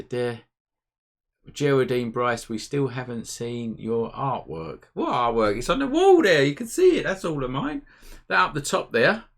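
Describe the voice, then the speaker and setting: A man hosting a casual live photography Q&A from home, chatty and upbeat. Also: mid-range voice. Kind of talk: casual live-stream chat. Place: home room, indoors.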